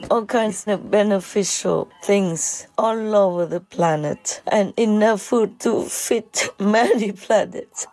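Brief: woman, slow and gravelly, choked up, halting speech with nervous laughs. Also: mid-range voice, darkish tone, dry recording, poor audio. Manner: halting, tearful, many restarts and nervous laughs. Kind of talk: emotional spoken address.

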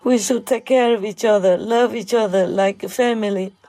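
A woman giving an emotional spiritual address as a teacher, speaking haltingly with many pauses and fillers. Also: mid-range voice, steady tone, mellow, no room sound, low-quality recording.

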